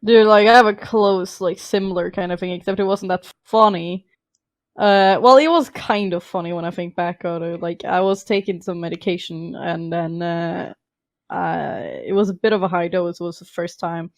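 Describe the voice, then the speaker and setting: A woman's voice: fairly low pitch, fairly even intonation, moderate pace, no room sound. A woman whose first language is Norwegian, chatting as a podcast guest, blunt and sarcastic with a lot of swearing. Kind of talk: casual chat.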